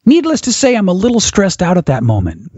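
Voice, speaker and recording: A man's voice: high-pitched, huge pitch swings, a little fast, darkish tone, breathy edge, no echo. A man from the United States, a guest on an interview podcast, telling a vivid personal story and acting out what others said. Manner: vivid storyteller who chuckles and acts out quotes. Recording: dull, dry lo-fi audio.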